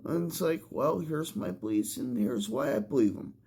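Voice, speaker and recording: A man's voice: medium pitch, expressive, moderate pace, a little mellow, breathy edge. A tearful man speaking in an impassioned, heated vlog monologue. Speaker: vlogger.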